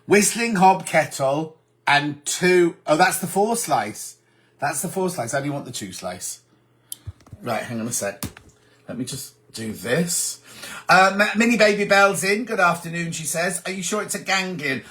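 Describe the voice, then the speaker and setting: A man's voice: a little high, expressive, unhurried, a bit bright. A man from England hosting a casual live chat, reading viewer comments aloud and answering them.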